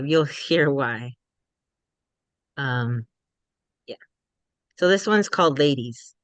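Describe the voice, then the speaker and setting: A man's voice: a little high, sharp tone, clean tone, no room sound. A man in his twenties performing spoken word poetry, earnest and emotional, with hesitant filler-laden chat between poems. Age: 20s.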